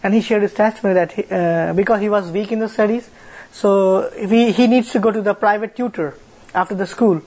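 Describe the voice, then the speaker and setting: A young man with an Indian accent, leading a church fellowship, shares a testimony in halting speech, repeating words and filling with "like" and "you know". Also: sits high, steady tone, a little mellow, poor audio. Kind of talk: sharing a testimony with a congregation.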